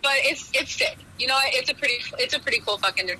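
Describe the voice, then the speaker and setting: Band girl talking chill, super bright sharp voice, kinda high. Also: fast, husky, rough recording. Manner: laid-back, swears casually, trails off. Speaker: band member guest. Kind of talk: casual chat.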